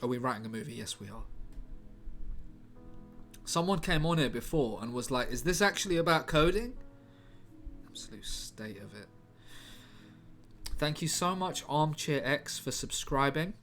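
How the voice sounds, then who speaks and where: Guy streaming, bantering with chat, keyboard clacking, soft music under it. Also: mid-range voice, lively intonation, moderate pace, long pauses. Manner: chatty and jokey, banters with chat. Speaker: streamer writing a film script live. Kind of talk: casual live-stream chat, reading chat aloud. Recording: faint music behind.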